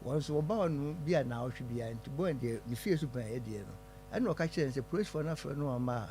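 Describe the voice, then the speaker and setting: A man's voice: mid-range voice, fast, faint music behind. A man calling in to a radio show, retelling a family matter at length. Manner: lively, retelling events at length. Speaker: caller. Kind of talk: call-in phone story.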